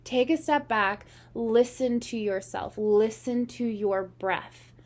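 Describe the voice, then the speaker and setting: A woman's voice: on the high side, a little mellow. A woman giving a casual tarot reading, talking in an earnest, meandering way. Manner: meandering, earnest, slow and unhurried. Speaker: tarot reader.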